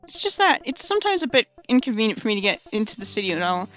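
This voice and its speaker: A woman's voice: on the high side, sing-song, fast talker, fairly bright tone, faint music behind. A woman voicing a giant spider who is a sweet, doting old lady and wedding planner, calling everyone dearie, in a visual novel game. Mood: cheerful.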